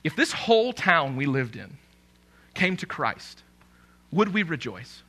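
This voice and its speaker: High-voiced, bright male preacher. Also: a little slow. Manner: animated, conversational preaching with emphatic rises. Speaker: pastor. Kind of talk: sermon.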